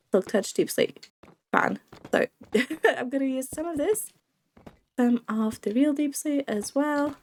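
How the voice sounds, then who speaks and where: There's slight background noise as a gaming video creator speaks in a fairly high, darkish-toned voice roughened by a cold. The young woman giggles and chats through her let's-play, addressing the creatures on screen.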